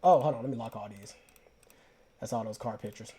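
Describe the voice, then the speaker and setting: A young man with an Atlanta Southern accent telling stories casually to the camera, slangy and animated, repeating himself. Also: mid-range voice, brisk, slight background noise. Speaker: vlogger.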